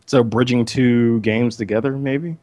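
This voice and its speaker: A man's voice: medium pitch, fairly even intonation, a little slow, a little mellow. A man co-hosting a gaming podcast, joking around and blurting things out. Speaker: podcast co-host. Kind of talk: casual gaming podcast chat.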